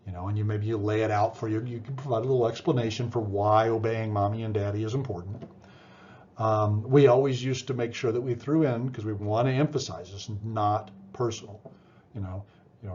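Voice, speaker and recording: Middle-aged male lecturer, relaxed warm tone, chatty with restarts, lo-fi classroom recording. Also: medium pitch, quick pace, slight background noise. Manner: conversational, many fillers and restarts, asks "right?". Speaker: psychology lecturer.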